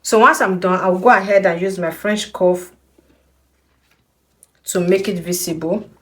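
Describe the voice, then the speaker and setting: Young woman walking you through a sewing pattern, slow and patient, keeps saying okay?. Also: lowish voice, fairly even intonation. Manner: slow, patient, repeats instructions with frequent "okay?". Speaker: sewing instructor. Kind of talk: step-by-step tutorial.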